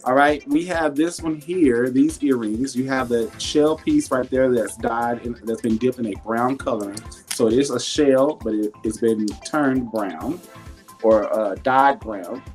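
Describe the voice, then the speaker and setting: A man's voice: medium pitch, unhurried, faint music behind. A man hosting a casual live jewelry sales stream, chatty and laughing often, reading viewer comments aloud and talking about his faith. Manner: warm and churchy, talks faith.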